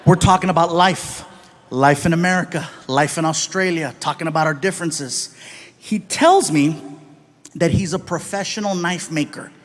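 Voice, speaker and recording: High-pitched man telling stand-up stories. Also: moderate pace. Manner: animated, puts on voices for people in his stories. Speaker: stand-up comedian. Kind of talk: stand-up storytelling. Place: live comedy stage.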